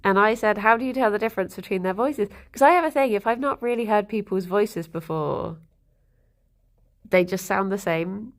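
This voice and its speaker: A woman streams a cosy morning chat, reading messages aloud and softly cooing to her rabbits. Her mid-pitched voice has a noticeable gravelly fry running through it, and her talk stays loose and conversational. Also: normal speed. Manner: chatty, reads and answers chat, coos to her rabbits. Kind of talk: casual livestream chat.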